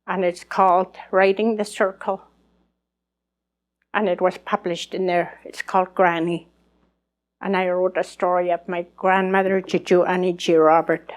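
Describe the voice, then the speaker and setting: An older woman, an elder speaking at a conference, telling her life story in earnest and acting out remembered conversations. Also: lowish voice. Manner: earnest, acts out remembered dialogue. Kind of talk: personal storytelling testimony.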